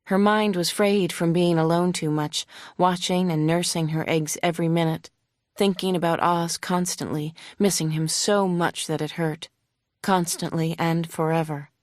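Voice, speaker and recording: A woman reading a novel aloud in the first person, emotive, slowing and hushing for tense moments. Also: fairly low pitch, fairly even intonation, dry recording, clean studio sound. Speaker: audiobook narrator.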